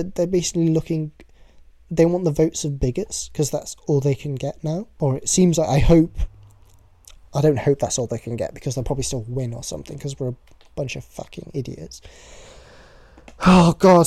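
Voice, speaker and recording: Young british podcast host rambling on, mellow voice, dry close mic, swears a lot. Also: medium pitch, no echo. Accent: British English. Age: young adult. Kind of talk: casual solo podcast chat.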